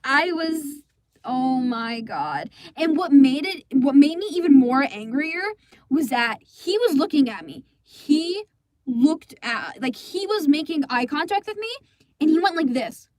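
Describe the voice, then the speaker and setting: A woman voicing a rambling, high-voiced indignant teen girl. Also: very animated, a little slow, darkish tone, dry recording, studio quality. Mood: exasperated. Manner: rambling, exasperated, swears freely. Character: indignant teenage girl recounting a school play disaster. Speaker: storyteller in a comic dub. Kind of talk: fan comic dub storytime.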